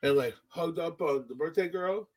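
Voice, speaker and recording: A man's voice: a little high, moderate pace, a little mellow. A man co-hosting a podcast who tells a story in a laid-back, joking way with cheeky asides. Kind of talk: casual storytelling chat.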